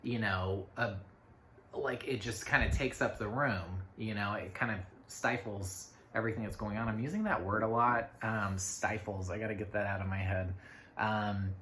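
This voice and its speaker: A man's voice: on the low side, normal speed, fairly bright tone. A man giving a casual spoken astrology forecast, rambling along with many fillers and little asides to himself. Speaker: astrology reader. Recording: echoey room with faint noise.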